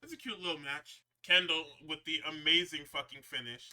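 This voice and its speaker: A man's voice: fairly high pitch, normal speed, sharp tone. A man hosting a podcast, recapping wrestling shows in a rambling, profane, casual way with frequent laughs. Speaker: podcast host.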